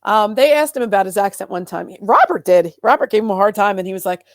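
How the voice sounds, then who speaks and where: A woman co-hosting a podcast in casual chat, animated and laughing often, acting out characters' lines as she recaps. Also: mid-range voice, quick pace. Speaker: podcast co-host.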